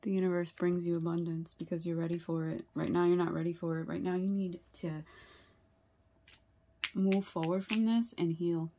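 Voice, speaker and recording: Woman tarot reader, earnest and sympathetic; low, gravelly voice. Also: little pitch movement, normal speed, dark tone. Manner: earnest and sympathetic, many fillers and rhetorical "right?". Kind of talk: tarot reading video.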